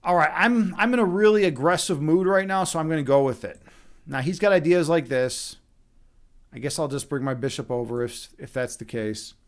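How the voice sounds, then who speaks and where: A man's voice: on the high side, moderate pace. A young man from Chicago with a Chicago accent, commentating live on his own chess games and swearing freely as he reads chat. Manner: animated, swearing, talks to chat while playing. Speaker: streamer.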